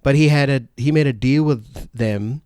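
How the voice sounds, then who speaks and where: A man hosting a casual podcast, telling stories in a rambling way with fillers and quick laughs. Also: medium pitch, a little mellow, clean tone, no room sound, clean studio sound. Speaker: podcast host.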